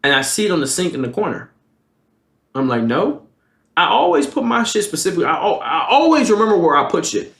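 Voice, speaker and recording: A young man in his twenties telling a casual, profane storytime, jumping into animated quoted lines. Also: sits high, a little fast, vocal fry. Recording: roomy echo.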